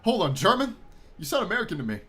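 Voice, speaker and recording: A man's voice: high-pitched, fast talker. A young man hosting a gaming video, reading a text game aloud and joking as he reacts. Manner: animated, joking, reacts with laughter. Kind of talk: playing and commenting on a text game.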